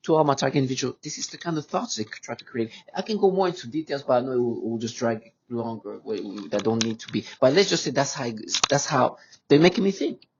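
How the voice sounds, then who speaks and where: A man speaking in an agitated, unscripted monologue to his viewers, halting often with stammered restarts. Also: mid-range voice, lively intonation, lo-fi sound, slight background noise. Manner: agitated and insistent. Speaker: vlogger addressing viewers.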